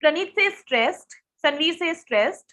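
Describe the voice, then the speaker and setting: A woman's voice: high voice, lively intonation, unhurried, a bit bright. A young woman teaching SAT grammar in a live online lesson, quizzing students and reading their answers. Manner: asks students questions, reads answers from chat.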